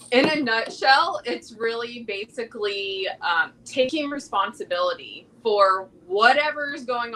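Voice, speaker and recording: Woman panelist, bright, clear tone, calm and encouraging explainer. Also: a little high, slight background noise, poor audio. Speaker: podcast panelist. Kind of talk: casual round-table chat.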